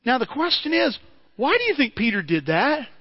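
A man's voice: very high-pitched, very animated, normal speed, dull audio. A man preaching a sermon in a conversational way, asking his listeners rhetorical questions and often repeating words as he restarts.

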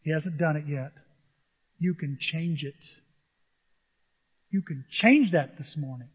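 Male pastor, high voice, emphatic sermon style that bursts loud on key words, long hall reverb, dull audio. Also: takes it slowly, slightly rough. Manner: emphatic, rising to near-shouts on key words; acts out congregants' complaints in mocking voices.

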